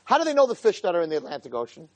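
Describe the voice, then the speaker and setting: A man giving a Torah lecture, telling stories and preaching in an animated way with many rhetorical questions. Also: sits high, very fast.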